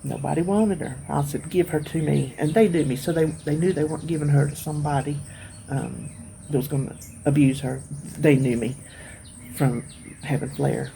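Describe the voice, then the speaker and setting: Speaking low in a gravelly, mellow tone, this middle-aged vlogger rambles to her viewers, tired and emotional, pausing at length. A little hiss or hum sits under the recording.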